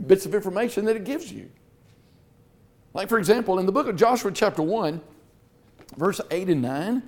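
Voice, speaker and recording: Male preacher, high-pitched, earnest teaching delivery that reads verses aloud. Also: a little mellow. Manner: earnest, repeats words, reads scripture aloud. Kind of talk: Bible teaching sermon.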